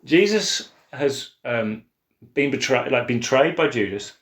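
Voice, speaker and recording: A man co-hosting a church Bible podcast, chatting in an animated way and acting out quotes with laughter. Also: measured pace. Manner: animated, acts out quotes with big pitch swings and laughs. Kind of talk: casual Bible discussion. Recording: echoey room.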